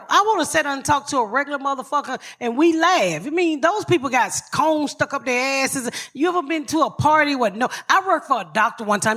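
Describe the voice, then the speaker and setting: A middle-aged woman comedian, hosting a live podcast and telling brash, profane stories. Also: high-pitched. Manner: brash, profane, loud storytelling. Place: live show before an audience.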